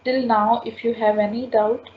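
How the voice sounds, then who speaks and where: A woman teaching French in an online class, slowly repeating sounds and explaining rules step by step. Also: a little high, level tone. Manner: slow, repetitive, spells out sounds patiently. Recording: dull lo-fi class recording with faint noise.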